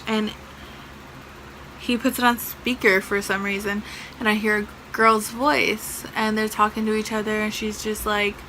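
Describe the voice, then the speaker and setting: A woman's voice: mid-range voice, a little slow, slight background noise, poor audio. Chatty young woman telling a story. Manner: chatty, lots of fillers, animated retelling. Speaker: vlogger. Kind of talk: casual storytime.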